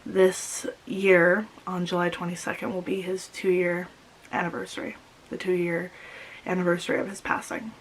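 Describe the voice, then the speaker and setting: A young woman vlogging about her grief, speaking while crying, halting and repeating herself. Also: fairly low pitch, flat delivery, slight background noise, low-quality recording. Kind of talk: personal confessional vlog.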